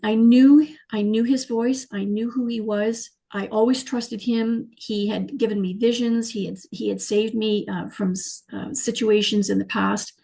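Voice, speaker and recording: Gravelly, husky woman. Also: fairly high pitch, unhurried, few pauses, poor audio. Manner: animated, emotional, frequent fillers and restarts. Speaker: guest, clairvoyant healer. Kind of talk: personal storytelling in an interview.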